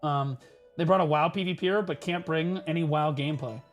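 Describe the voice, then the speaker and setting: Brief: young male streamer, high voice, swearing, animated story rant, faint music underneath. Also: fairly quick. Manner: profane, excitable, bursts into shouts.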